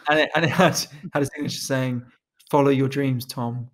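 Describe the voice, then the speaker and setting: A man's voice: mid-range voice, fairly even intonation, moderate pace, a bit bright. A young man co-hosting a podcast, chatting casually, joking and swearing as he acts out little scenes. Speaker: podcast co-host. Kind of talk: casual chat.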